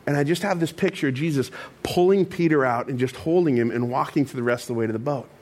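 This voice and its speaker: A man preaching a sermon in a conversational, animated storytelling style with casual asides. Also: mid-range voice, fast. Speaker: pastor.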